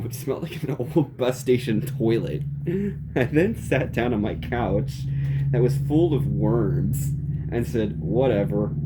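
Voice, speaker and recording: A man's voice: mid-range voice, background noise. Playful man reading a silly story. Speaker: narrator.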